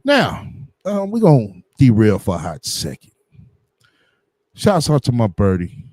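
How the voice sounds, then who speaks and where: A man's voice: mid-range voice, wildly swooping pitch, unhurried, warm tone, no echo. A man giving blunt, profane livestream commentary, heavy on slang and fillers. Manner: blunt, combative, heavy on slang and "you know what I'm saying".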